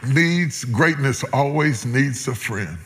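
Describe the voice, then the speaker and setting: A middle-aged man preaching a sermon, moving between loud peaks and hushed lows. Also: animated, slow. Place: large church hall before a congregation. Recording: long hall reverb, loud crowd noise.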